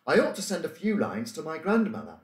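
An earnest young boy hero with a worried edge, as a man reads him out. The voice is animated, and it rings a little in a roomy space. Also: a little high, a little fast, voice pushed up. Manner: earnest, slightly anxious. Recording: roomy room echo.

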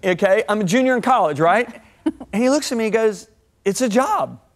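A man in his sixties, a guest on a TV talk show, telling stories in a lively sermon-like way with big swings of voice. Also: high-pitched, fairly quick. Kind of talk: animated storytelling sermon-talk.

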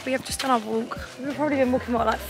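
A woman's voice: sits high, steady tone, rapid-fire, creaky, over music. A young woman with an English accent, chatting in a bubbly, rambling way as she vlogs a holiday. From England. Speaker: vlogger. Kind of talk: casual vlog chat.

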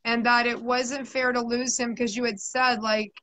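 Woman, psychic medium, high voice, soothing, chatty, repetitive. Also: little pitch movement, normal speed, fairly bright tone, low-quality recording. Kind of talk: live spirit reading.

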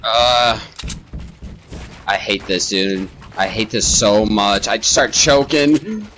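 A man's voice: lowish voice, animated, slow pace, sharp tone, a little hiss or hum. Jittery young man gaming, scared and swearing. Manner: nervous, swearing, rambling about being scared. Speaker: gamer streaming a match. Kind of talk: casual gaming chat.

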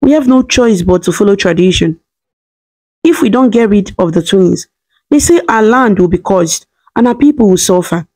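A woman's voice: medium pitch, expressive, normal speed, a little mellow, lightly acted. A woman voicing a torn, anguished young husband and father who speaks in a pained, hesitant way.

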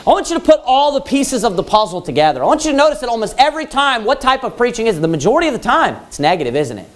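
A man preaching a Baptist sermon, asking rhetorical questions and slowing down to read scripture. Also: very high-pitched, big pitch swings. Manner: emphatic, rhetorical questions, slows down for scripture quotes.

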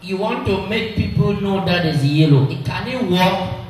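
A high-pitched man preaches a sermon in a call-and-response style, throwing questions back to the crowd. His voice carries through a very echoey hall and sounds set back from the mic. A faint hiss sits under the recording. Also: expressive, moderate pace, darkish tone, distant mic.

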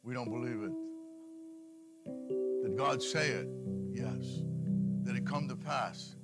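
A man preaching a sermon, asking the congregation questions and answering them himself, rising loud and high for emphasis and dropping low and quiet for scripture. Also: slow pace, over loud music. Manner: preaching with call-and-response questions. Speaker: pastor.

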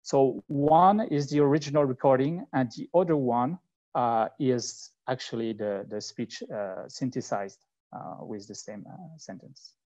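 A man with a French accent giving a live technical conference talk with demos. He speaks in a halting, conversational way and thinks aloud as he goes. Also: mid-range voice, darkish tone. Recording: slightly muffled online talk recording.

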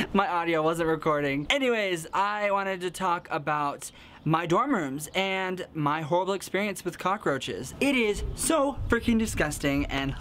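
A young man from the American Midwest, excitable and giggly, telling a casual storytime vlog full of fillers. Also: high-pitched, slight background noise. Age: young adult. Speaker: vlogger.

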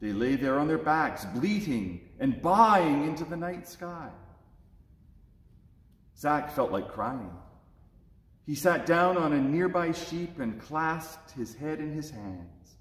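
Expressive man reading a storybook. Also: fairly high pitch, takes it slowly. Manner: expressive, lively read-aloud delivery. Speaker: story reader at a church service. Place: church. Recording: echoey church with long reverb.

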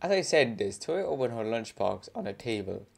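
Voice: mid-range voice, big pitch swings, fairly quick, vocal fry, a crowd in the background. A young adult gamer casually reading a visual novel aloud, chatting between lines, laughing often and swearing under their breath. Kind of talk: casual let's-play with read-aloud game text.

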